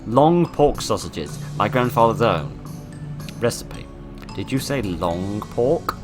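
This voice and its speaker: A man's voice: fairly low pitch, takes it slowly, over music. A man voicing a grinning, creepy male innkeeper in a video game who lisps and stresses his words oddly. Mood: creepy cheerful. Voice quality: lisp. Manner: odd stresses on words, sinister cheer.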